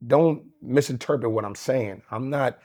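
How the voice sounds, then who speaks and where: A man's voice: medium pitch, normal speed, a little mellow. A man, a union leader in a casual interview, blunt, profane and argumentative. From Queens, New York.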